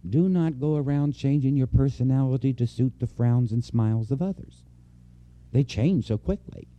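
Male preacher, very dark mellow tone, earnest and personal, repeats key lines to drive them home. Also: medium pitch, normal speed, muffled recording. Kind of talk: conversational sermon. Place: church before a congregation.

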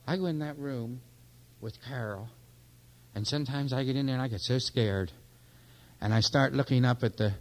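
Man preaching, loud then hushed. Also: on the high side, low-quality recording. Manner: wide swings from loud urging to hushed near-whispers; storytelling with quoted dialogue. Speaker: minister. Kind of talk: sermon.

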